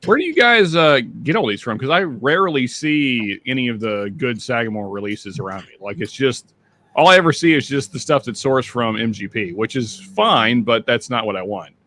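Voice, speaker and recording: A man's voice: medium pitch, lively intonation, bright, forceful tone. A man hosting a livestream in casual chat, greeting viewers by name, with a slightly stuffy nose. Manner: chatty, reads out viewer names with quick greetings. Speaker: livestream host.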